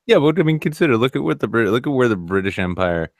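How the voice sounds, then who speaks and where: A man's voice: medium pitch, sing-song, fast, dry recording, clean studio sound. An American man in casual live-stream chat, joking crudely and swearing freely. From United States.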